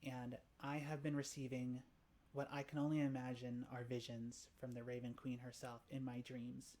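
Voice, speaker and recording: A woman's voice: rumbling low, level tone, normal speed, warm tone. Woman voicing a wary tavern keeper woman. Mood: earnest.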